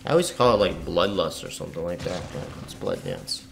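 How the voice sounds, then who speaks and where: A man's voice: low-pitched, huge pitch swings, a little fast, vocal fry, fairly bright tone. A man giving casual, offhand commentary while playing a mobile game. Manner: offhand, chatty. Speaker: gaming channel host. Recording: faint game music behind.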